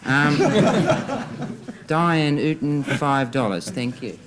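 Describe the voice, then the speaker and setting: An Australian man reading telethon donations in a relaxed, lightly amused way. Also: a little high, extremely slow, very noisy. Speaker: telethon presenter.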